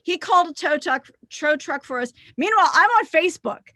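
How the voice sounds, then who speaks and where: A bright, high-pitched woman spins a tour story with lively swings in her voice, acting out every quote she tells. She sounds close and dry, like a podcast guest on the mic, and swears casually as she goes. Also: a little fast, no room sound. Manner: animated, acts out quotes, swears freely. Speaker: singer in a rock duo, podcast guest. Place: podcast recording.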